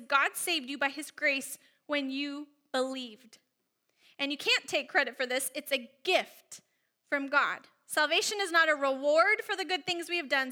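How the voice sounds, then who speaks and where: A woman preaching a sermon with an expressive manner, leading the congregation in repeating phrases. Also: high voice. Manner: expressive, leads the congregation in call-and-response.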